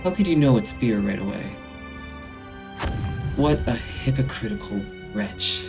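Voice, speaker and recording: A man's voice: medium pitch, lively intonation, measured pace, music in the background. A man voicing a scornful male zealot in amateur game-dialogue voice acting, contemptuous and accusing. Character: scornful male zealot revealing his true self.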